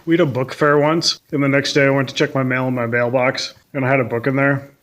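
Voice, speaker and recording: A man's voice: mid-range voice, flat delivery, quick pace, fairly bright tone. A young male teacher telling funny stories from school in a casual way, with dry, self-mocking humor. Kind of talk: casual storytelling to camera.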